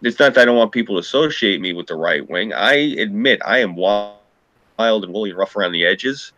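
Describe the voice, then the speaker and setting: A man with a New York accent holds forth in a casual chat, blunt, profane and combative. His voice is bright and pushing, a bit low-pitched, and the sound is close and dry, with no room around it. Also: lively intonation, a little fast, no echo, highs cut off.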